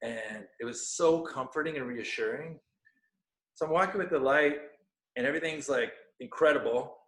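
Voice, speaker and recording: A man's voice: fairly high pitch, moderate pace, a bit bright. A man in his thirties, a podcast guest, telling a personal story in an earnest way and searching for words with many fillers. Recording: echoey room.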